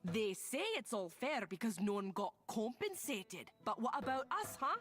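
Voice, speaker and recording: A woman's voice: medium pitch, expressive, moderate pace, natural voice. An actress voicing a stubborn, wary old farm woman in game dialogue, blunt and grumbling. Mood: indignant. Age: older. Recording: game audio with loud music underneath.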